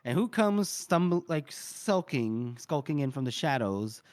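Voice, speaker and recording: A man's voice: a little high, big pitch swings, unhurried, darkish tone. Joking male podcast co-host. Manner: loose and joking, acting out quoted lines and swearing freely. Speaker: podcast co-host recapping a fantasy novel. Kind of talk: casual chat.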